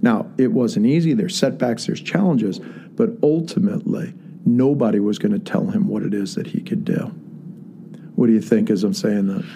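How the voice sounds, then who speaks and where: A man's voice: fairly low pitch, normal speed, vocal fry, dark tone, slightly rough. A man telling a personal story in a casual, earnest way with many fillers. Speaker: guest storyteller.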